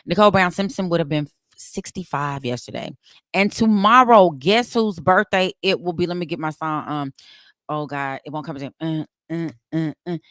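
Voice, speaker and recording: Low-voiced chatty woman co-host. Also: fairly bright tone, dry recording, clean studio sound. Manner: chatty, playful, sings snippets. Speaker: co-host reading birthdays. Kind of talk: casual sports talk banter.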